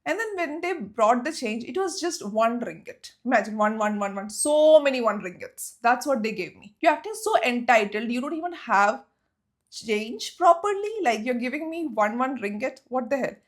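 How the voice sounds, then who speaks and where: A young woman vlogger telling a story to her viewers in casual chat, animated and exclaiming, often turning to them with rhetorical questions. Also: fairly high pitch, normal speed.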